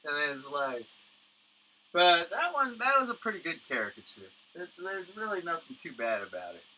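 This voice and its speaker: A man's slightly high, sing-song voice, bright and forceful, moves at a normal pace as he casually hosts a livestream from Tucson, Arizona, USA. He rambles profanely with lots of fillers into a studio condenser microphone. The recording is rough, with slight background noise.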